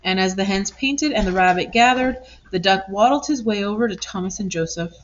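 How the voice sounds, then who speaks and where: A woman reading a children's picture book aloud in an expressive, lively way. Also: mid-range voice, a little fast. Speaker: storybook reader. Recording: dull lo-fi recording.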